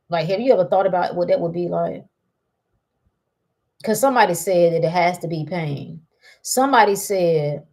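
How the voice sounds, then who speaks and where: A woman giving a casual spiritual pep talk, animated and teasing, laughing often and firing rhetorical questions. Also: medium pitch.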